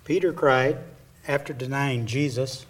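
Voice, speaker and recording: A man preaches a sermon at an unhurried pace. His delivery is earnest, and now and then he drops to a hushed aside. The voice is picked up from some distance away from the mic. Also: mid-range voice, fairly even intonation. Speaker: pastor.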